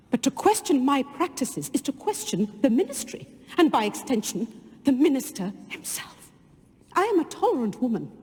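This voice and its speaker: A woman's voice: high voice, mellow, in a large hall. An actress with a British accent playing a sugary, domineering woman official who speaks in a prim, mannered way. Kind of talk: film scene acting.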